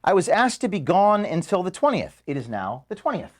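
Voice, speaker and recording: A man in his thirties giving an emotional farewell speech to his staff in an office, halting and restarting as he speaks. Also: sits high, big pitch swings. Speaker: organization founder addressing staff. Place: office, indoors.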